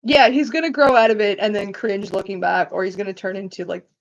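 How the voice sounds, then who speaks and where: A Canadian woman chats casually with her stream viewers in a mid-range, fairly even voice, talking fast. She swears freely and rambles, filling her talk with "like." The recording's highs are cut off.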